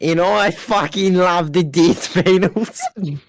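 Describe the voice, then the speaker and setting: A man's voice: sits high, slow, no echo, studio quality. A man voicing a brash debater in a put-on Australian accent, drawing out his words through laughter. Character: brash Australian man loving the death penalty.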